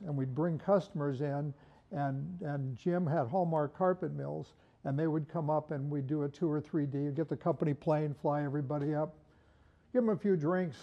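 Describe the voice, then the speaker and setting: Older man, seasoned industry presenter; warm, folksy and joking, somewhat high and gravelly, dull lo-fi sound. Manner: folksy, rambling storyteller with humor. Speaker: wool carpet industry veteran giving product talk. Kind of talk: informal product presentation.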